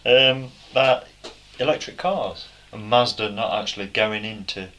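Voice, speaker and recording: A man's voice: on the low side, a little slow, sharp tone. A man from England with an East Midlands accent, chatting casually with his bandmates on a podcast and joking around. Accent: East Midlands English. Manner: jokey, keeps trying silly accents and laughing. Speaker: band member co-hosting a podcast. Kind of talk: casual banter among bandmates. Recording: noisy room recording.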